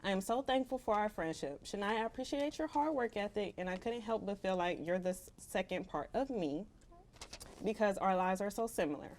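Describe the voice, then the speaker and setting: A woman's voice: medium pitch, a little fast, a little mellow, a little hiss or hum. A young woman in casual chat, reading a heartfelt farewell letter to a co-host. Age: young adult. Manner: emotional, laughing, Southern "y'all" slang.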